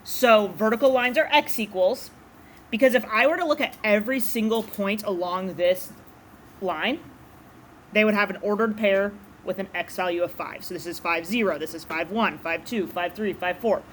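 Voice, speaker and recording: A woman's voice: mid-range voice, normal speed, slight background noise. A woman teaching a math class, explaining graphing in a casual, chatty way to her students in a classroom. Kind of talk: classroom lecture.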